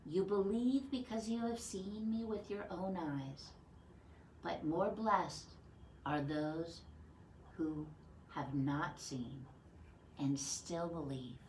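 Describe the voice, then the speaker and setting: A woman voicing Jesus as a calm, gentle man in a children's Bible story. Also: fairly low pitch, slow, roomy sound, a little hiss or hum.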